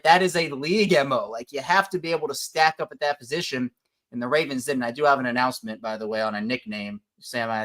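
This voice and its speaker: A man co-hosting a casual sports podcast, talking in an animated, joking way and bantering with the others. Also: mid-range voice. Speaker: podcast co-host.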